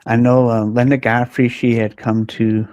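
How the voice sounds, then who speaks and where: A man hosting an interview, talking in a relaxed, conversational way. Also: mid-range voice, normal speed, dry recording, highs cut off. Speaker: host. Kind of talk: casual interview. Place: Green Bay.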